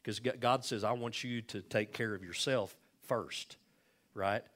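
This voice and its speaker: A man's voice: lowish voice, fairly even intonation, a little slow, a bit bright. Older male pastor preaching, folksy. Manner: conversational preaching, folksy asides and repeated emphasis. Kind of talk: sermon.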